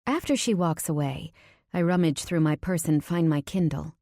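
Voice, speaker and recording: A woman narrating a first-person romance audiobook in an intimate, measured way. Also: deep voice, animated, mellow, dry recording, clean studio sound.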